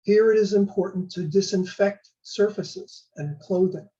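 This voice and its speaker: An older man, a law and public health professor, giving a measured, prepared explainer talk. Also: high-pitched, dark tone, lo-fi sound. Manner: measured, slow spelling out of terms.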